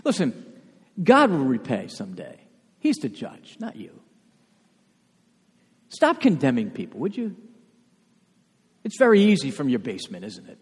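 A man preaching a sermon as pastor, emphatic, with rhetorical questions and sudden soft asides. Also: mid-range voice, wildly swooping pitch, a little slow, long pauses, slightly rough, long reverb tail. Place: church sanctuary.

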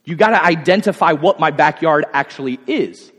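Animated preacher in a reverberant church. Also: male voice, fairly high pitch, brisk, hardly any pauses. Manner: animated, with rhetorical questions and asides. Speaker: pastor. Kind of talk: sermon. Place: church sanctuary. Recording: long hall reverb.

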